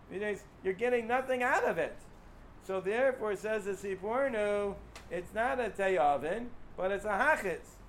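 A man teaching a casual Torah lecture, animated and asking rhetorical questions, with frequent restarts. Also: high voice, moderate pace, slight background noise.

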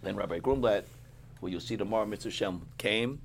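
A middle-aged man speaking as a rabbi gives a sermon to yeshiva students. He sounds tired, clears his throat often and repeats himself for emphasis. His voice is fairly low and brisk, with a little hiss or hum.

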